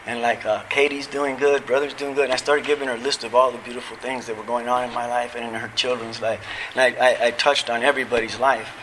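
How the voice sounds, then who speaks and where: A man's voice: mid-range voice, level tone, fast, noisy background. A middle-aged man giving a heartfelt personal testimony at a recovery convention, telling his story casually with slang like "man" and "dude". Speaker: recovery meeting speaker. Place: convention hall.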